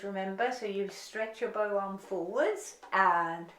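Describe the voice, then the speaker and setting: Lively woman violin teacher, echoey room. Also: mid-range voice, slow pace, few pauses. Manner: encouraging, step-by-step instruction. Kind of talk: online violin lesson.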